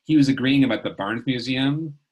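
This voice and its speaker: A man's voice: mid-range voice, brisk, slightly rough, poor audio. A middle-aged man teaching a casual online writing lesson, chatty and rambling, with lots of fillers.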